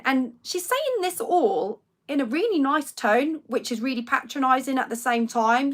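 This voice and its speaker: A young British woman who speaks loudly, indignantly retelling a story in a casual chat with her live-stream viewers. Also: high voice, normal speed, few pauses. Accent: British English. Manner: loud-spoken, animated and indignant retelling.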